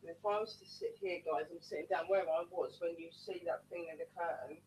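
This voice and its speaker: A woman's voice: on the low side, steady tone, a little fast, a little mellow, a little hiss or hum, low-quality recording. A woman leading a paranormal team, chatting casually to viewers during a live-streamed ghost hunt from her home, often calling them "guys". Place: at home indoors.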